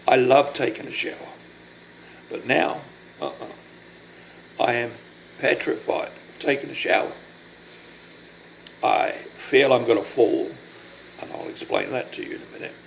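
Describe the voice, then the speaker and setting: An older man recording a personal video diary, speaking in a halting, apologetic, emotional way and short of breath from illness. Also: medium pitch, vocal fry, slight background noise, poor audio. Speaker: vlogger.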